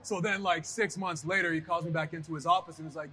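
Man, high bright voice, animated interview guest who slips into voices mid-story. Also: fast talker, hardly any pauses, a little hiss or hum. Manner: animated, acts out voices in his stories. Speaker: guest, pro wrestler.

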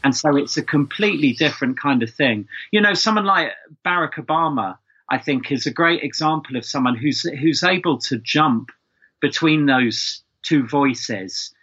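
A London man, a speech expert, chats as a guest in a casual podcast conversation, using lots of fillers and restarts. His fairly high voice is animated, pushed, bright and husky at a normal speed, and the recording is muffled.

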